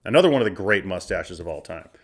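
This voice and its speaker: Low, lively, and quick, this man's voice is a bit bright and husky. The Arizona podcast host, in his forties, gives casual comedic commentary while opening a box of cards, joking and cursing freely.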